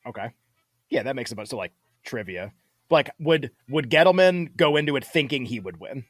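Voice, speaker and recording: A man's voice: mid-range voice, lively intonation, normal speed, no room sound. A man co-hosting a sports betting show in casual studio banter, laughing easily and teasing playfully.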